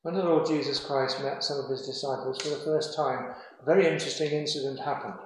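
Male preacher, earnest and measured, mid pitch, very reverberant church sound. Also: steady tone, a little hiss or hum. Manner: earnest, measured, with slow emphatic phrases. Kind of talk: sermon. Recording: very echoey hall.

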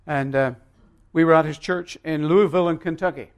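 A male pastor preaching a sermon, emphatic and swinging between loud and quiet, telling stories with long pauses. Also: a little high, steady tone.

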